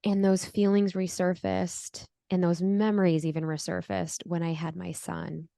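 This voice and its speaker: A woman's voice: fairly low pitch, little pitch movement, normal speed, gravelly, dark tone, no echo, studio quality. A middle-aged woman telling her personal story as an interview guest, earnest and reflective, with frequent fillers.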